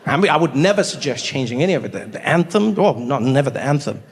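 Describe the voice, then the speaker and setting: A man in his forties performing a stand-up comedy set, bantering with the crowd and jumping into high, shouting voices for imagined people. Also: big pitch swings, quick pace. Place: large theater stage. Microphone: handheld stage mic. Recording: live stage mic in a large reverberant venue with faint audience noise.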